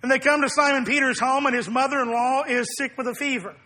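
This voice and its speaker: A man preaching a sermon as pastor, in deliberate, emphatic phrases. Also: very high-pitched, steady tone, bright, forceful tone.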